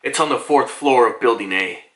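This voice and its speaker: A man voicing a stern, tired male agent in a low, sighing delivery while retelling a comic scene. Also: normal speed, a bit bright, echoey room, close to an everyday voice. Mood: grave report.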